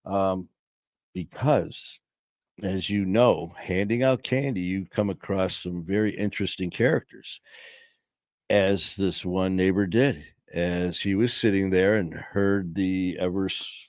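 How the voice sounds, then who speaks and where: A man's voice: deep voice, a little mellow, dry recording. A middle-aged man hosting a live studio show, chatting loosely with lots of fillers and restarts and telling jokes. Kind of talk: rambling casual chat with joke-telling. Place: small studio. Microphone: studio mic.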